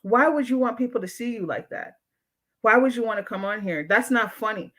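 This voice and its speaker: A woman's voice: fairly high pitch, animated, a little fast, fairly bright tone. Blunt, outspoken woman hosting a livestream. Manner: lectures viewers directly. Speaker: livestream show host and therapist. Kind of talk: casual livestream commentary, reading chat comments.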